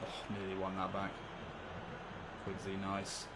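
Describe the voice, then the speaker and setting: A man's voice: low voice, monotone, unhurried, vocal fry, very noisy. A man commenting live on a football video game, chatty and laughing often, swearing casually and talking to his viewers. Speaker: gaming livestreamer.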